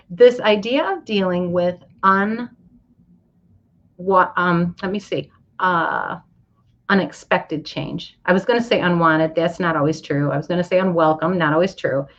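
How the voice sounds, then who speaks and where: A woman's voice: on the low side, unhurried, fairly bright tone, highs cut off. A woman hosting a motivational livestream, talking straight to her viewers and greeting them by name with lots of enthusiasm. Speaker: livestream host. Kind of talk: upbeat motivational livestream talk. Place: hotel or travel location, indoors.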